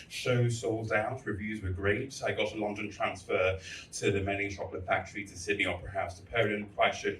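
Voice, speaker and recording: A man's voice: on the low side, fairly bright tone, distant mic, slight background noise. Man giving a candid speech in an echoey hall. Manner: candid, storytelling with crude humor. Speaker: festival speaker. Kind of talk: public speech to artists.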